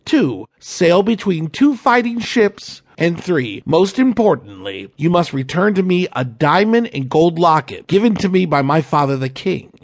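A man's voice: fairly high pitch, sing-song, measured pace, few pauses, pitched above the performer's own voice, exaggerated voice. A man voicing a brave, defiant young princess in a children's storybook, haughty and bold. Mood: bossy.

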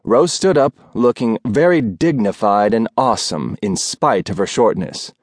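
A male audiobook narrator reading a novel in a measured, wry storytelling manner. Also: fairly low pitch, lively intonation, no echo, clean studio sound. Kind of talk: scripted narration.

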